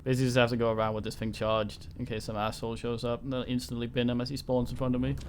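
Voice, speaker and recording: A man's voice: medium pitch, flat delivery, rapid-fire, a little hiss or hum. Sarcastic man commenting on gameplay. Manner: dry, sarcastic, swears often. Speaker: streamer. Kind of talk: casual live gameplay commentary.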